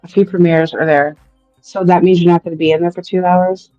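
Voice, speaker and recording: A woman's voice: fairly low pitch, little pitch movement, brisk, no room sound, dull audio, soft background music. A woman hosting a casual live stream from outdoors, talking to viewers and often dissolving into helpless, breathless laughter.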